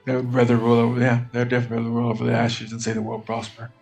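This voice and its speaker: A man in a casual livestream chat, speaking in a hesitant, halting way. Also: mid-range voice, monotone, vocal fry, a little mellow, faint music behind.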